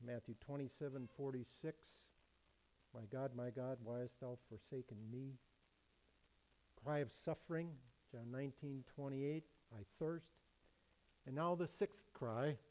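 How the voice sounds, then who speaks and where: A man preaching a sermon in a measured, emphatic way. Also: medium pitch, darkish tone, low-quality recording. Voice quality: emphatic, measured delivery with many quotations.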